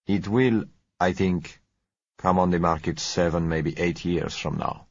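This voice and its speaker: Man voicing a polite businessman, deep, husky, slow, gentle, courteous, dull lo-fi sound. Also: fairly even intonation, no echo, heavily acted. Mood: suave. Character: smooth, polite South American businessman. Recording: dull lo-fi recording.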